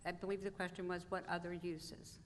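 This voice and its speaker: A woman's voice: on the low side, flat delivery, brisk. A woman moderating a town meeting, firmly keeping speakers to time. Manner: firm, calls time on speakers. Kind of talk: chairing a public meeting. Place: large town meeting hall. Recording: echoey hall with clear background noise.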